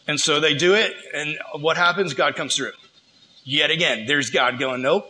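A man preaching in a casual, slangy style, retelling a story with lively animation. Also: on the high side, normal speed, slight background noise, low-quality recording.

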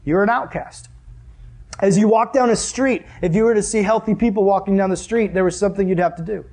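A man's voice: high voice, fairly quick, a little mellow. A young man preaching a sermon in an earnest, conversational way, asking the listeners questions.

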